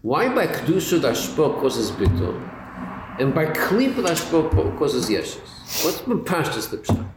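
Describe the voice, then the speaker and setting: A man leads a class in a lively, rising-and-falling voice, posing questions and repeating himself as he builds an argument. His voice carries through a roomy space, and a faint hum sits underneath. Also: a little high, a little slow. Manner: questioning, repeats words, rhetorical back-and-forth. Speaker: Torah teacher. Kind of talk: Talmudic-style class lecture.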